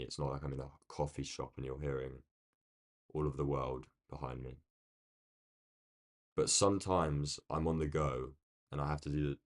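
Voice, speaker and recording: A man with a London accent chatting casually on a live stream, rambling along and answering viewers' comments from a quiet room. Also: a bass voice. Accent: London English. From United Kingdom. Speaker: day-trading live streamer.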